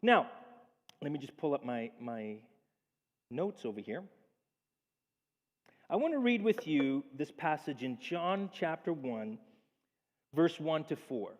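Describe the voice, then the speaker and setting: A man preaching a sermon as a pastor, lively and acting out the voices in the stories he tells. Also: on the high side, slow, pauses often. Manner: animated preaching, acts out quoted speech. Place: church sanctuary. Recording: long church reverb.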